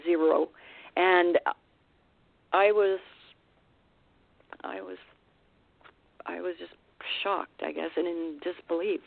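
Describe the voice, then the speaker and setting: A woman from Vancouver Island, a guest on a radio show, telling a frightening encounter in an emotional, halting way with many restarts. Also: on the low side, vocal fry, no room sound. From Canada, Vancouver Island. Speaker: guest, Sasquatch researcher. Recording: dry, phone-like radio call line.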